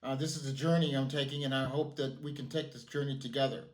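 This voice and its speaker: A male podcast host introducing a clip in a halting way, with fillers. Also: mid-range voice, fairly even intonation. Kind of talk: casual show intro. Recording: roomy echo.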